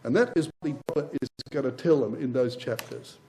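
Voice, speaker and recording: A man's voice: mid-range voice, fairly quick, vocal fry, warm tone, slight background noise, rough recording. A man giving a Bible class as a sermon, speaking with passion, building up through repeated phrases and addressing his listeners as brothers and sisters.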